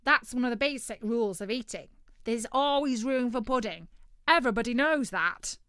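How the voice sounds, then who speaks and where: A woman voicing a greedy, boastful male turkey in a children's story, talking loudly and cheekily. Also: fairly high pitch, lively intonation, normal speed, clear, resonant tone, dry recording, studio quality, pitched above the performer's own voice. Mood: brash. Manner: loud, brash and cheeky. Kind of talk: storybook character reading.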